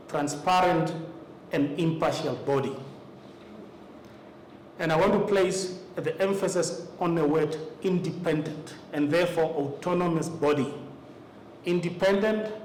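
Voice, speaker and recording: An electoral commission official with a Namibian English accent presents to party representatives at a formal meeting, his voice a little high. He speaks in a measured, deliberate way, often pausing on "uh," in an echoey meeting room with faint ambient noise.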